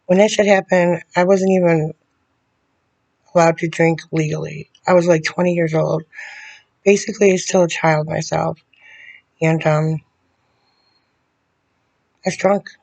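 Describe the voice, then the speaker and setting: A woman speaking straight to the camera in a video letter, bitter and confrontational, often halting and restarting her sentences. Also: lowish voice, fairly even intonation, creaky, darkish tone. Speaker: vlogger addressing a public figure.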